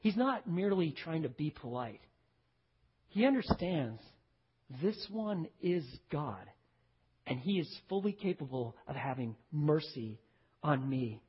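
A male pastor preaching a sermon, emphatic, dropping to hushed low phrases and speaking straight to his congregation. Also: very animated, measured pace, slightly rough. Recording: dull recording with long hall reverb.

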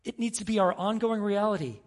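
A middle-aged man preaching a sermon as pastor, telling stories with animated quoted voices. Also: high voice, fairly quick.

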